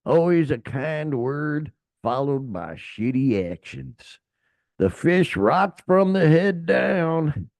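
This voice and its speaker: A man voicing a blunt, bitter male musician in a put-on Southern drawl, raised above his own voice and read slowly and emphatically. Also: a little high, animated, gravelly, darkish tone, no echo, voice pushed up, heavily acted. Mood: scornful.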